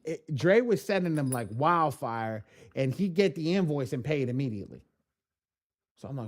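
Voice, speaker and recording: A man hosting a live training class, telling stories in a casual, animated way, swearing freely and often restarting his sentences. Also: medium pitch, normal speed. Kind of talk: casual live-stream storytelling.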